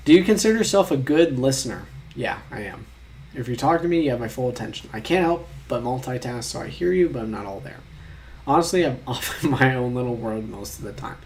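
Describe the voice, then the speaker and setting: A man's voice: mid-range voice, lively intonation, fairly quick, a little mellow, slight background noise. Chatty young man rambling over quizzes. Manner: chatty, rambling, mock-outraged asides. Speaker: YouTuber taking online quizzes. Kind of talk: casual chat reading quiz questions aloud.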